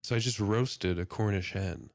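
A man's voice: lowish voice, moderate pace, a little mellow, dry recording, studio quality. A man in a casual podcast chat, laid-back and laughing easily, swearing casually.

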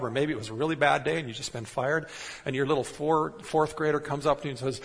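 Guy preaching a sermon, husky voice, long echo in a big hall, keeps asking the congregation questions. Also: mid-range voice, steady tone, fast. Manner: conversational, asks the congregation rhetorical questions. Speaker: pastor. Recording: long reverb in a large hall.

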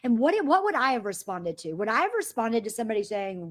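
Lively woman running a training. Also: fairly high pitch, fast talker, few pauses. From American South. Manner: animated, acts out quoted messages in voices. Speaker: sales trainer. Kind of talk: training call. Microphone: phone or call line.

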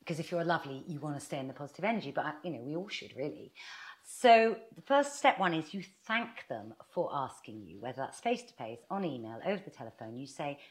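In an easy, friendly interview chat, a woman who is an author and guest explains her advice in a melodic voice pitched a little low. She's animated and keeps slipping into quick acted-out snippets of dialogue.

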